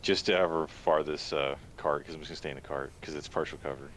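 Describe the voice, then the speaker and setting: A man with an extremely deep voice talks through his turn at a tabletop game. He is hesitant, pausing with fillers as he checks spell rules aloud. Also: fairly even intonation, fairly bright tone, slight background noise. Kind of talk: casual game table chat.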